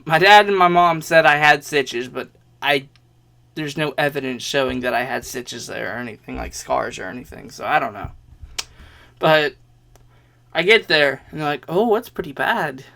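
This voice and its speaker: A man's voice: medium pitch, normal speed, vocal fry, sharp tone. A young man vlogging a rambling personal story in a casual way, swearing often and laughing between lines.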